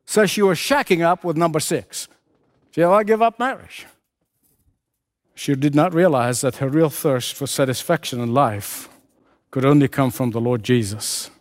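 A man's voice: mid-range voice, normal speed. A man preaching a sermon with an impassioned, repetitive cadence, hammering his points again and again.

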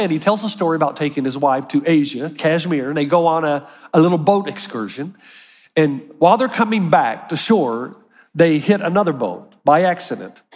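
A man preaching a sermon as a pastor, animated and acting out quoted voices. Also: sits high, big-room sound.

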